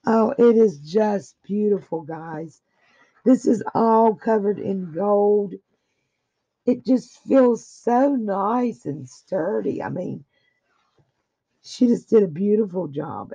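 A woman's voice: mid-range voice, takes it slowly, warm tone, husky. A woman crafter in a casual unboxing chat, gushing with effusive praise while her throat is a little dry. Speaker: craft vlogger opening happy mail. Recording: dull lo-fi audio.

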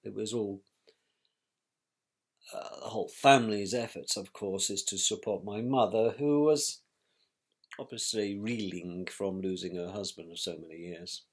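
A middle-aged man, recalling a painful family event in a measured, reflective way with pauses and restarts. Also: fairly low pitch, slightly rough. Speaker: interviewee, victim's brother. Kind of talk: personal recollection.

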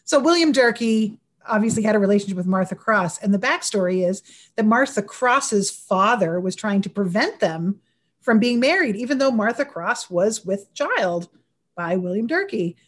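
A woman's voice: mid-range voice, expressive, normal speed. Woman historian, online talk host, chatty and enthusiastic. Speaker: historian presenter.

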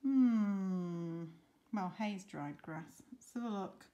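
A woman teacher reading a picture book aloud for story time, expressive and stopping to ask the children questions. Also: mid-range voice, slow.

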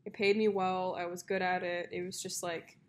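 A woman's voice: on the low side, level tone, normal speed, slight background noise. A young woman co-hosting a podcast, telling long stories in a casual chat, with plenty of fillers. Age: young adult. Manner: chatty storyteller, many fillers and likes. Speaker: podcast co-host.

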